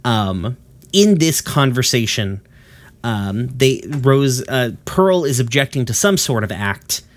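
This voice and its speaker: A man's voice: medium pitch, expressive, slow pace. A man casually retelling a cartoon episode in a rambling way, with lots of fillers and the odd swear word.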